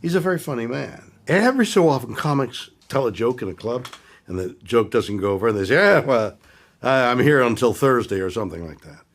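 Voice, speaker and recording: An older man giving scripted, incredulous comic commentary, stammering and repeating himself. His husky voice leaps up and down in pitch. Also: animated, fast talker. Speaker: host of an impressions review video.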